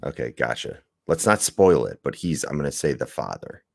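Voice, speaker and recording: A man's voice: rumbling low, very animated, normal speed, creaky, no echo, studio quality. A man co-hosting a podcast, chatting casually and rambling through a movie review, laughing and swearing as he goes. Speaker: podcast co-host.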